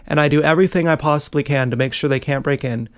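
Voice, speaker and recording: A man's voice: a little high, fast, clean tone. A young man talking in a rambling, agitated monologue, swearing often and jumping between worries. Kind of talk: casual monologue vlog.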